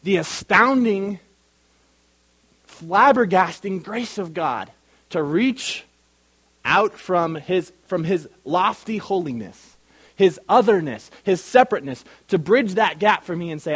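High-voiced man teaching a Bible class. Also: lively intonation, slow pace, a bit bright, husky. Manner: emphatic, questions the class and calls on listeners by name. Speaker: pastor.

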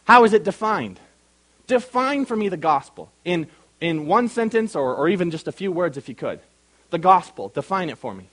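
A pastor teaching an interactive Bible class, speaking emphatically, questioning the group and calling on listeners by name. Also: male voice, fairly high pitch, a bit bright.

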